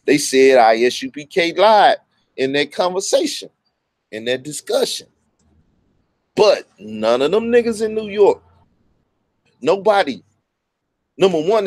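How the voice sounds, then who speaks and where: Man, fairly high voice, blunt and profane, stumbles over words, dry close mic. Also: very animated, unhurried, long pauses, no echo. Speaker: online commentator. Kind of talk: casual profane monologue.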